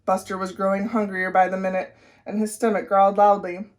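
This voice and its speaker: A woman's voice: mid-range voice, brisk. Woman reading a story aloud to children. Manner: clear, expressive storytelling. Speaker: reading teacher. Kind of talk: guided read-aloud for children.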